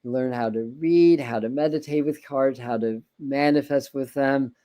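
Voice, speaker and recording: A man's voice: mid-range voice, a little slow, warm tone. Rambling man hosting a tarot livestream. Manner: rambling, many repeated words and restarts, reads viewer comments aloud. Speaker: tarot reader and livestream host. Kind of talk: casual livestream chat.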